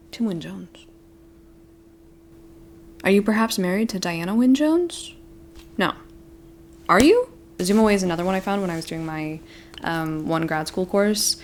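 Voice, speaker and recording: A woman's voice: lowish voice, slight background noise. Gushing young woman book vlogger. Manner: gushing, excitable, talks to viewers as friends. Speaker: book vlogger and book club host. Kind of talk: casual chat to camera.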